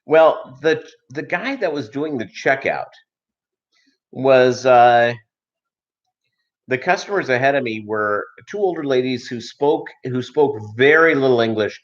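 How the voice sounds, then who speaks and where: A man's voice: medium pitch, lively intonation, a little slow. Rambling joking livestream host, a man. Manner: rambling and joking, many fillers. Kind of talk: casual livestream chat and storytelling. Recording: slightly dull lo-fi stream audio.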